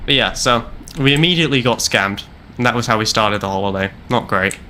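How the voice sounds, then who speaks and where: While gaming on stream, a young man spins a long, meandering travel story with wry repetitions. He speaks a little fast in a mid-range voice that sounds pushed and bright, and there's slight hiss or hum.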